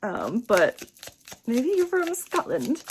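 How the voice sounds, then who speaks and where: A woman giving a casual tarot reading, gentle and chatty, dropping to soft near-whispers on spiritual lines and laughing often. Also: high voice, very animated, slow, vocal fry, a little hiss or hum. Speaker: tarot reader. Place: home room with small table.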